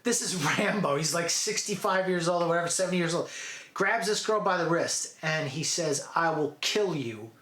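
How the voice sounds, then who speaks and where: A man giving a casual, animated movie recap, chatty and full of "dude" and "okay". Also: high-pitched, moderate pace, echoey room. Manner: animated storytelling, acts out quotes. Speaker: movie reviewer.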